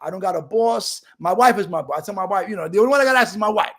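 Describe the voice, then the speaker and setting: A middle-aged man from Brooklyn gives an animated, streetwise recovery testimony over a video call. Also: high-pitched, racing, hardly any pauses. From Brooklyn, New York. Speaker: recovery speaker.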